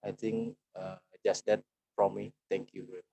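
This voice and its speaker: A man, speaking haltingly with many pauses in an online group discussion over a video call. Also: fairly low pitch, little pitch movement, gravelly, warm tone, dry recording. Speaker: discussion participant. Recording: dry, dull video call audio.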